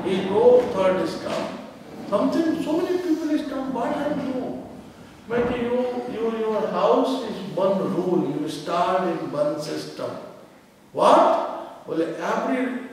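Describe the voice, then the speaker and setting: Man preaching in a booming echoey hall. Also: recorded from a distance, a little hiss or hum. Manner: halting non-native English, swells into loud chanting. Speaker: guru giving a lecture. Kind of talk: devotional sermon.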